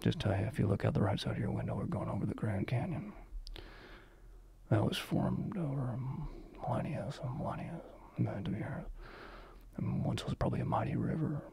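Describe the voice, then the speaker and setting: A man putting on a hushed, cocky airline pilot. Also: animated, normal speed, creaky, pauses often, breathy edge, no room sound, full character voice. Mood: boastful. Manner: low hushed drawl, half-whispered cabin announcement. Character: cocky male airline pilot, smooth self-assured captain.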